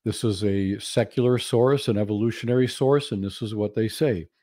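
A man's voice: lowish voice, normal speed, dark tone, no room sound, clean studio sound. A man giving a lecture presentation as a guest speaker, laying out numbered points with humour. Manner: humorous, lists numbered points.

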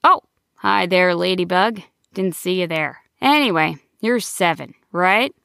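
A woman voicing a nervous, chatty nine-year-old male gnome with a raspy voice, in a children's audio story. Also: on the low side, measured pace, no room sound, clean studio sound. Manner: rambling, self-interrupting. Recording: soft background music.

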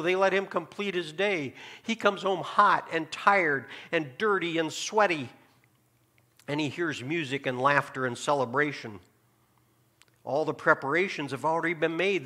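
Male pastor, sermon delivery, slightly high, bright tone, rhetorical questions, hushed asides. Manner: preaching with rhetorical questions and sudden drops to a hushed tone. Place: church sanctuary.

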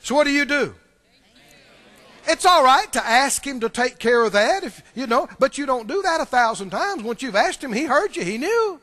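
A man's voice: very high-pitched, very animated, moderate pace, sharp tone. A male preacher giving a sermon, animatedly quizzing the congregation in a church.

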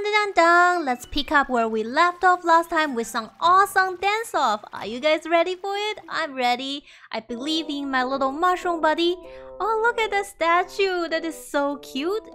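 Woman, high voice, bubbly let's play commentary, game music behind. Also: a bit bright. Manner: bubbly, gushing, refers to herself by name in third person. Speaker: gaming YouTuber.

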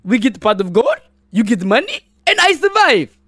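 A sneaky little leprechaun, voiced by a man, talks in a deliberately hammy fake brogue. The voice sits high and leaps around in pitch, and the recording is bone dry. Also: very animated, a bit bright, no echo, exaggerated voice. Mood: coaxing. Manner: bad put-on brogue, calls people boyo and bucko.

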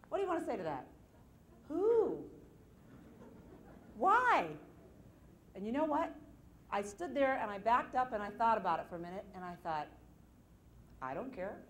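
Speaking at normal speed with long pauses, a high-voiced woman gives a motivational seminar on stage to a live audience. She animatedly recounts personal stories, pokes fun at herself, and acts out the voices involved. There's reverb and a little hiss or hum.

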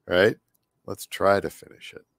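Here the painter's low, creaky voice stays level and a little slow, recorded clean in a studio with no echo. He chats casually on his live stream, scratchy and rambling, muttering to himself and trailing off mid-sentence.

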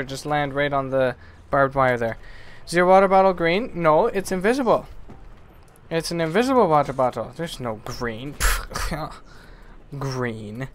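A man streaming a video game live, chatting with viewers and reacting excitedly and goofily to the play. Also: fairly high pitch, clear, resonant tone. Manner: excitable, goofy, talks to chat. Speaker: gaming streamer. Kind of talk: live gameplay commentary.

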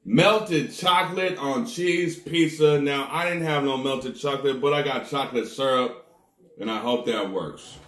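On camera, a man tastes snacks for his viewers, letting out dramatic groans with every bite and addressing them directly as "people." His medium-pitched voice moves at a measured pace and carries some reverb, in the casual style of a food-tasting vlog.

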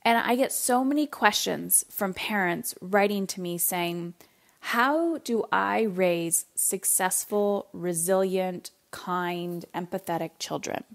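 A middle-aged woman from Canada hosting a parenting podcast, telling a story in a casual, animated way and acting out her family's lines. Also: mid-range voice, takes it slowly, gravelly. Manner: animated, acts out family voices, casual swearing.

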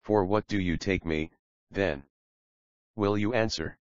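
A proud young man questions curtly and jealously, as a male reader puts him on. His voice sits very low. The recording is dry and somewhat muffled. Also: measured pace, no room sound. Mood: demanding.

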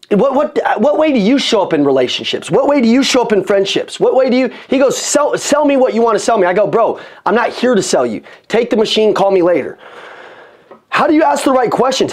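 A man giving an energetic motivational talk on sales to an audience, repeating phrases for emphasis. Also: high-pitched. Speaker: sales coach. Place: room with an audience.

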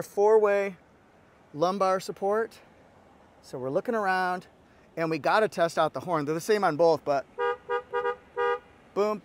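A man with a fairly high voice walks around a vehicle, pointing out features in an upbeat, playful way. He drops jokey asides as he goes, like a cheerful car reviewer.

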